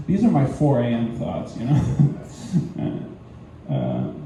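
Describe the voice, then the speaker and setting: A man's voice: mid-range voice, huge pitch swings, slow, dark tone. A young man doing an open-mic stand-up set, rambling and self-deprecating with giggly asides. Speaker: stand-up comedian. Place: small comedy venue, indoors. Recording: echoey room, mic far off, faint noise.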